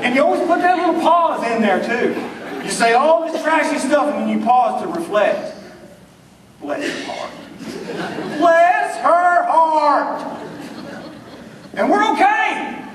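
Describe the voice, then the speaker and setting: A man with a notably high voice and a rural Southern US accent spins folksy, drawling stories and jokes for a crowd. He was recorded from a distance in an echoey hall. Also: sing-song, moderate pace. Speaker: speaker. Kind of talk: humorous speech to an audience. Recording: echoey room, mic from far off.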